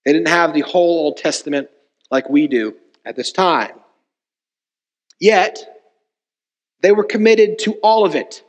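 High-voiced pastor preaching in a reverberant hall. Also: male voice, a little slow, long pauses. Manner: emphatic preaching with rhetorical repetition. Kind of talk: sermon. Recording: long reverb of a church hall.

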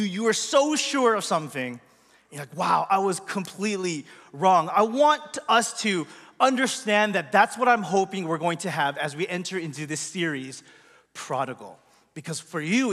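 A man's voice: sits high, lively intonation, moderate pace, a bit bright. A man giving a conversational sermon as pastor, chatty and asking the congregation questions, in a church hall. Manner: chatty, asks the audience questions. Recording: long reverb of a large hall.

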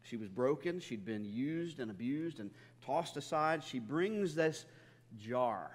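A man's voice: medium pitch, animated, slow, big-room sound. A man preaching a sermon, telling stories with humor and often repeating his words as he goes. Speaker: pastor.

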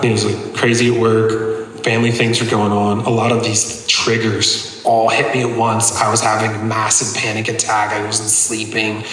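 A man's voice: on the low side, fairly bright tone, slight background noise. A man preaching a personal testimony to a congregation in a conversational, earnest way, full of casual fillers. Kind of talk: sermon testimony. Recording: echoey hall, long reverb.

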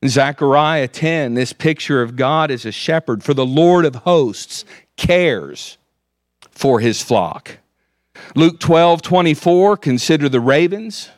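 A man preaching a sermon, reading scripture aloud with measured emphasis. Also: fairly high pitch, lively intonation, dry recording, clean studio sound.

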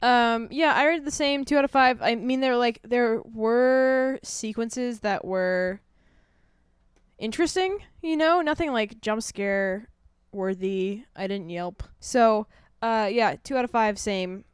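A woman's voice: on the high side, takes it slowly, smooth, no echo, studio quality. A woman co-hosting a podcast, talking casually about films in an upbeat, chatty way full of fillers. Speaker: podcast co-host. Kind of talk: casual film review chat.

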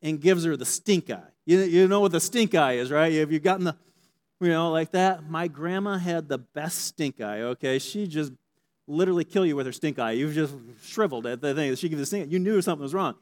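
A man preaching a sermon with a slightly high voice, talking in a loose, conversational way. He keeps checking in with his listeners with a quick "okay?" and acts out little scenes as he goes. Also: a little mellow. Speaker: pastor.

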